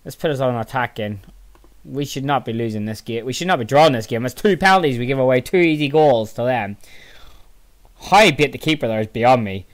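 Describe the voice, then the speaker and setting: A tired, yawning man commentating casually on his own football management game, muttering low between excitable outbursts. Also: brisk. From Northern Ireland. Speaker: gaming channel host.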